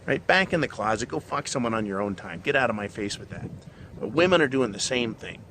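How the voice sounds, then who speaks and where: A man's voice: medium pitch, lively intonation, fairly quick, background noise. Profane, ranting man. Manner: profane, blunt and mocking. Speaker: show host. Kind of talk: ranting monologue.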